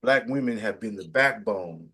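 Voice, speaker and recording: Emphatic middle-aged man, a bit low. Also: animated, normal speed, a bit bright, breathy edge. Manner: preachy, emphatic, pitch jumps up for emphasis. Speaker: interviewer. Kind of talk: casual interview chat.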